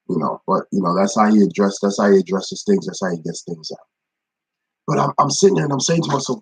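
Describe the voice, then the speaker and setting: A man's voice: on the low side, lively intonation, quick pace, vocal fry, husky, rough recording. A young man leading an informal devotional talk, speaking conversationally, repeating phrases for emphasis and greeting viewers by name. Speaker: ministry devotion leader.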